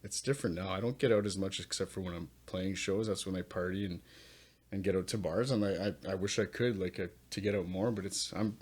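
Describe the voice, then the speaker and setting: Male metal vocalist from Ontario, low-pitched, relaxed and profane interview guest. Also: fairly quick, breathy edge. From Northern Ontario, Canada. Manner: laid-back, swears freely, chuckles often. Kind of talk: casual conversational interview.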